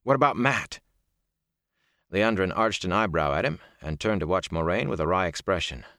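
A man narrating an audiobook in a steady, expressive storytelling manner. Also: low-pitched, brisk, no room sound, clean studio sound. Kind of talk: scripted narration.

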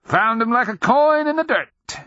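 A man voicing a hoary, half-mad old male sergeant with a harsh, rasping voice who cackles and rambles in conspiratorial glee. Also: very high-pitched, animated, a little slow, bright, forceful tone, no room sound, dull audio, pitched above the performer's own voice, heavily acted. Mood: mischievous.

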